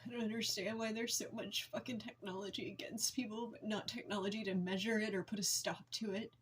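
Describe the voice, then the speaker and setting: A woman in her forties venting to camera in a raw, blunt, heavily profane way, with halting, emotional phrasing. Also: mid-range voice, fairly even intonation, a little hiss or hum. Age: 40s. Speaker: vlogger.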